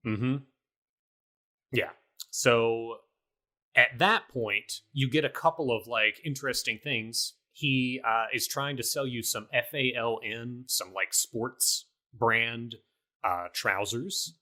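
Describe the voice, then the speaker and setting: A man's voice: medium pitch, slow, sharp tone. A man co-hosting a podcast, casually recapping his video game playthrough in a rambling way, full of fillers. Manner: rambling, filler-heavy storytelling. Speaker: podcast co-host.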